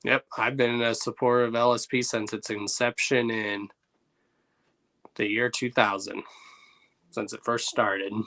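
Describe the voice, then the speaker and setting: A man's voice: medium pitch, flat delivery, measured pace, long pauses, pushed and bright. A man hosting a livestream, chatting loosely and reacting to viewers' messages. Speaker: livestream host. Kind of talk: casual livestream chat.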